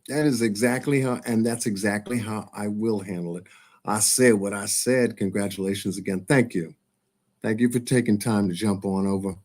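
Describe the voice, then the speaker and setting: A man hosting his live stream, signing off in a relaxed, chatty way and laughing often. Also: on the low side, moderate pace. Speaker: host of a live show. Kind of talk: casual live-stream sign-off.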